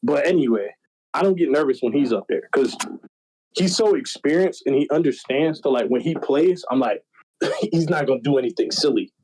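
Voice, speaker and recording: A young man in casual podcast chat, telling stories in an animated, slangy, profane way. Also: mid-range voice, moderate pace, slightly rough, rough recording. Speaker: podcast guest.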